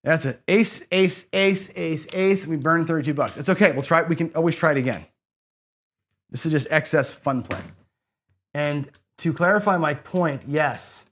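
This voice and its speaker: Here the craps host talks at a moderate pace in a fairly high, somewhat bright voice, with a little hiss or hum underneath. He chats to his viewers in a relaxed gambling commentary, calculating bets aloud and correcting himself along the way.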